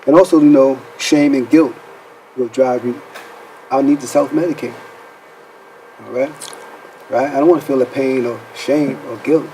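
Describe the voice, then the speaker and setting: A man's voice: mid-range voice, fairly even intonation, normal speed, pauses often, warm tone, slight background noise, poor audio. A man hosting a faith-based counseling talk show, asking rhetorical questions and checking in with "right?" as he speaks. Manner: preacherly, rhetorical questions, says "right?" often.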